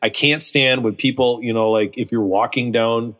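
A man of middle pitch telling a story on a podcast in a loose, rambling way. He often repeats words as he searches for the next thought. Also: steady tone, moderate pace, fairly bright tone. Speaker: podcast co-host. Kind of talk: casual chat.

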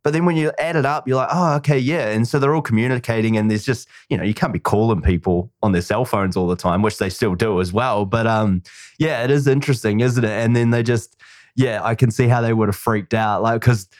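A man hosting a podcast, with a rambling, animated way of telling stories. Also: medium pitch, a little fast, no room sound, clean studio sound. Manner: animated storyteller, frequent "like" and "you know". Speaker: podcast host. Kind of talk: casual chat.

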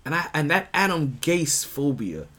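A man's voice: a little high, very animated, moderate pace, sharp tone. A man hosting a sports podcast, talking casually and rambling with restarts, bursts of emphasis and laughs. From United States. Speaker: podcast host.

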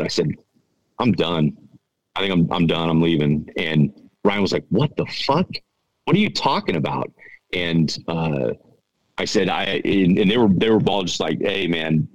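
A middle-aged man telling a story on a podcast in a halting, earnest way, often repeating his words. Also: deep voice, no echo, dull audio. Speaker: podcast guest. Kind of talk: casual storytelling.

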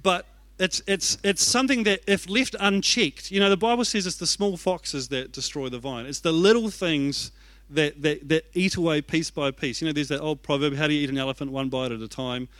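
A man's voice: fairly high pitch, brisk, fairly bright tone, dry recording. A young man preaching a sermon as an executive pastor, telling stories in a chatty, self-deprecating way. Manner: conversational, self-deprecating storytelling.

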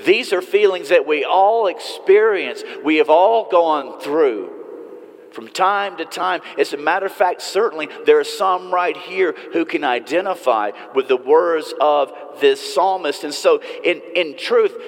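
A man preaching a sermon, earnest, with a fairly high voice and an unhurried delivery. He slows and softens some phrases and pushes others for emphasis. The sound has a long reverb tail, like a large hall. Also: expressive. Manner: earnest, varies pace and loudness for emphasis. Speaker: pastor.

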